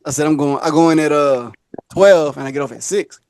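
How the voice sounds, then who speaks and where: A man's voice: fairly high pitch, fairly quick, clear, resonant tone, dry recording, studio quality. A man hosting a podcast, telling a long story in casual chat, acting out other people's voices and laughing often. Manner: animated, acts out quoted voices, laughs often. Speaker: podcast host.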